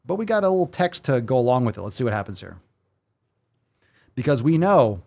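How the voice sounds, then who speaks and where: A man's voice: medium pitch, big pitch swings, brisk, gravelly, pauses often, darkish tone. Blunt, profane male podcast host. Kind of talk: casual ranting commentary.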